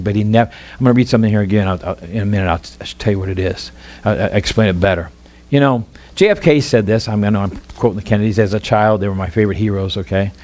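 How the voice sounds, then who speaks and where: A middle-aged man with a Midwestern American accent, preaching a sermon in an animated, rambling way with many restarts. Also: lowish voice. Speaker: pastor.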